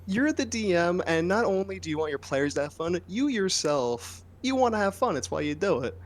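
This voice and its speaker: A man from New Jersey with a New Jersey accent, a game master telling lively, joking stories on a casual podcast. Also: sits high, normal speed. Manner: lively storyteller, animated and joking.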